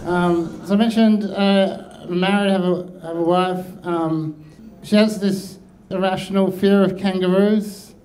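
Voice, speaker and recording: A man doing a hesitant, deadpan stand-up routine full of ums and pauses. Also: high voice, a little hiss or hum, low-quality recording. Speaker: stand-up comedian.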